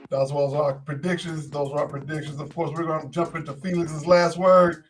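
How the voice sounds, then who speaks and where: A man hosts a casual sports talk show in a fairly high, easygoing voice. He often stumbles and repeats words as he thinks aloud. Faint music plays behind him. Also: flat delivery, normal speed, hardly any pauses. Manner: laid-back, repeats words when thinking.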